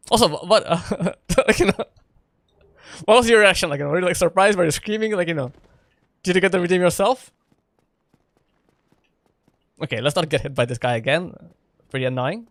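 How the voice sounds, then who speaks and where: A man's voice: a little high, expressive, a little fast, a bit bright, no echo. A man streaming a video game in casual chat, playful and laughing often as he talks with his viewers. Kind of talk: casual live gameplay chat.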